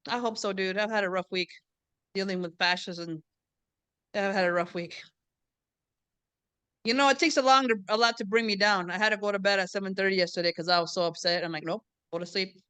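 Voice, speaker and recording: Woman host from the border, chatty and teasing, crisp bright voice, dry close sound. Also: medium pitch, fairly even intonation, fast talker, hardly any pauses, no room sound. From US-Mexico border region. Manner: chatty, joking, mixes in Spanish. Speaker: event host and professor. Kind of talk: casual chat hosting a book event. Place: classroom or event room.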